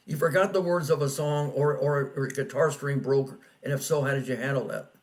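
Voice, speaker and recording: A man's voice: mid-range voice, steady tone, fairly quick. A man hosting an interview, asking questions and summing up his guest's answers. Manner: asks follow-up questions, sums up answers. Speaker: interview host.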